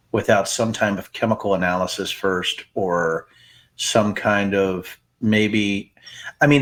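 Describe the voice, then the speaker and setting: A man co-hosting a podcast in casual chat, animated and jokey, his voice jumping up high when he gets worked up. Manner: animated, jokey, breaks into big pitch jumps. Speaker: podcast co-host.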